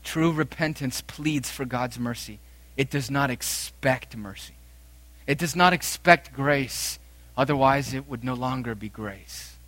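Forceful, emphatic male preacher. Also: a little slow, dry recording. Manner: dramatic swings from loud emphatic declarations to quiet low phrases. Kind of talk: sermon.

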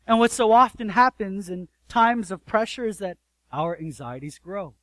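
A man with a high, light voice delivers an earnest sermon in a dry, close room. He swells to loud emphasis, then drops almost to a hush, and keeps turning to his listeners with rhetorical questions. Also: animated, normal speed, no echo, low-quality recording. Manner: addresses listeners directly, asks rhetorical questions. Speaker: pastor.

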